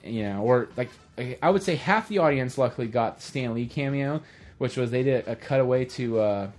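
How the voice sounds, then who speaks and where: A man co-hosting a casual podcast, retelling film scenes in a lively way and acting out the characters' lines in quick voices. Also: mid-range voice. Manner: animated storyteller who acts out movie scenes in quick voices. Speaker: podcast co-host. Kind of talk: casual movie chat.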